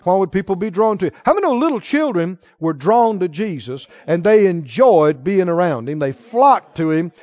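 A man preaching a sermon, telling folksy stories and delivering points with emphasis, quoting the Lord in a lower, sterner tone. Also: big pitch swings, normal speed, hardly any pauses, darkish tone, dry recording, dull audio. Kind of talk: sermon with storytelling.

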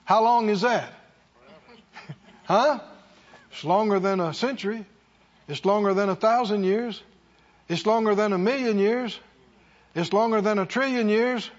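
A man's voice: sits high, measured pace, pauses often, lo-fi sound. A man preaching a sermon in a church, with emphatic, repetitive call-and-response delivery. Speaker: pastor.

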